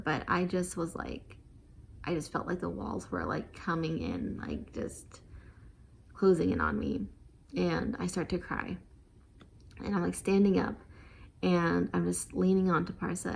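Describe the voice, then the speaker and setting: A woman's voice: fairly low pitch, vocal fry. A young adult woman vlogger telling a personal story in a casual, emotional, rambling way, full of fillers and quoted thoughts.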